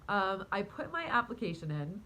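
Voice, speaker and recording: A woman casually telling a story to her viewers in a rambling, animated way, full of fillers, restarts and quick laughs. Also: medium pitch, poor audio. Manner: talks to her cat mid-story. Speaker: vlogger and spiritual coach.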